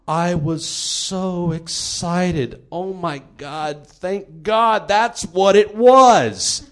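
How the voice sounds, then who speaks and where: A man hosting a comedy podcast, telling a true story in an animated, laughing way. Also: fairly high pitch.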